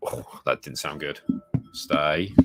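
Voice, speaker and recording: With loud music behind him, a man whose voice is extremely low speaks slowly on a casual home live stream. He rambles and greets viewers by reading their comments, close to a desk mic in a room full of retro games.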